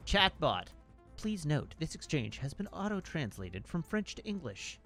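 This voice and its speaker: Lively, bright-voiced man playing a game. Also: medium pitch, unhurried, long pauses, faint music behind. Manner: jokey, self-mocking, swings between mumbles and outbursts. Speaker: streamer. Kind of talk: let's play gameplay commentary.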